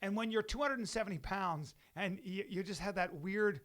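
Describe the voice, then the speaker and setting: A middle-aged man co-hosting a casual podcast in a studio, talking excitedly, stumbling over words and repeating himself. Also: high voice, normal speed. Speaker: podcast co-host.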